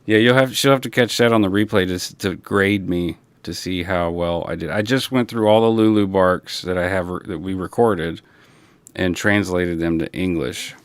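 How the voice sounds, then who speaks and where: A man hosting a livestream, chatting casually and rambling in a relaxed way, talking through a broadcast console. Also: low voice, normal speed, clear, resonant tone, no echo. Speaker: livestream host. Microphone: broadcast console setup.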